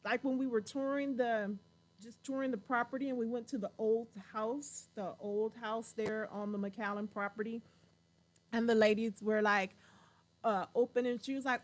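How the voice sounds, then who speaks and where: Chatty woman hosting, slightly high voice. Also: moderate pace. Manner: chatty, animated, laughs often. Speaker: show host. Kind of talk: casual chat.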